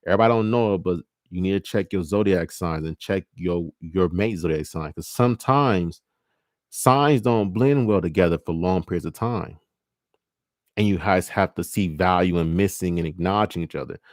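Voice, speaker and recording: Man, young adult, very low voice, casual profane monologue. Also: darkish tone, no echo, clean studio sound. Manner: loose, profane, acts out both partners in quick quoted bits. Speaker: livestream host.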